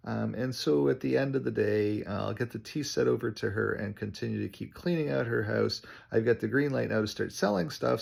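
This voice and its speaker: A man's voice: on the low side, a little mellow. A man, a realtor, chatting through a casual vlog update, telling stories with lots of ums. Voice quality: gravelly, husky. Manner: chatty storytelling with many ums.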